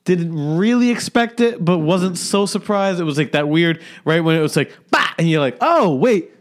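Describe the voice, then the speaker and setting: A man's voice: a little high, moderate pace. A man co-hosting a comedy podcast, chatting casually and acting out scenes as he talks. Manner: animated, acts out scenes with voices. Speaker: podcast co-host.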